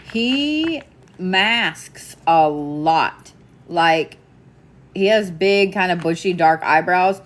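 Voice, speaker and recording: A woman giving live psychic readings, casual and chatty, laughing and swearing now and then. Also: fairly low pitch. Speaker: psychic medium.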